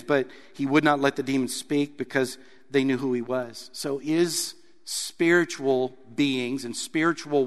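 A man preaching a sermon, reading scripture aloud and explaining it with animated emphasis. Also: on the high side, long reverb tail. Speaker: pastor.

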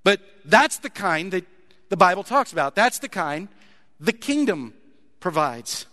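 A man preaching in a church sanctuary, his voice high and bright. He builds from deliberate, paused phrasing to loud, passionate emphasis, with long reverb trailing behind him in the hall. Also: very animated. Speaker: pastor. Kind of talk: sermon.

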